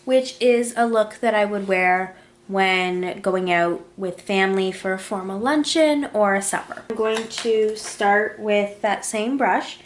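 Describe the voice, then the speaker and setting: A woman's voice: mid-range voice, a little hiss or hum. A woman casually talking through a makeup tutorial, describing each step as she applies it. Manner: chatty, talks through each step while applying makeup. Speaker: beauty vlogger. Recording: echoey room.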